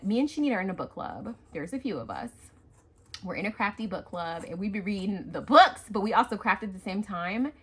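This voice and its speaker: Excitable gushing woman, husky. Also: medium pitch, fairly quick. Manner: gushing, excitable, squeals and gasps, lively. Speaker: craft channel host. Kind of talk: happy mail unboxing vlog.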